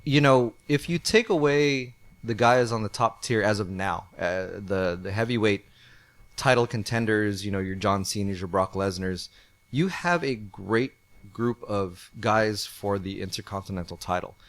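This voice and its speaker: A podcast co-host with a lowish, unhurried voice talks casually while reviewing wrestling. He rambles, with many fillers and restarts.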